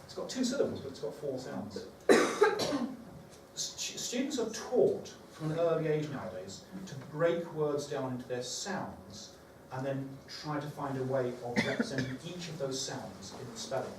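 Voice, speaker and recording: A man's voice: mid-range voice, big pitch swings, normal speed. Man giving a workshop in an echoey room. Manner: conversational, thinking aloud with fillers. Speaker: teacher trainer. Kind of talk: workshop talk to teachers. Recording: echoey room, far from the mic, background noise.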